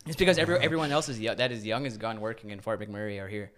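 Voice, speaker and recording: A man's voice: on the low side, rapid-fire. A man from Newfoundland, a podcast guest, telling casual stories with lots of swearing and repeated words. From Newfoundland, Canada. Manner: animated storyteller with frequent repeats and swearing. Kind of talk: casual chat.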